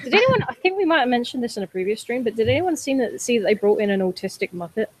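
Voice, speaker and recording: A woman's voice: a little high, very animated, racing, darkish tone, breathy edge, no echo. A woman co-hosting a casual stream chat, blunt and swearing as she tells stories. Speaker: stream co-host.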